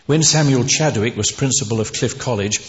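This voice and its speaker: A man's voice: medium pitch, fairly quick. A man preaching a sermon, earnest and emphatic, lifting his voice on key words. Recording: dull, echoey hall recording.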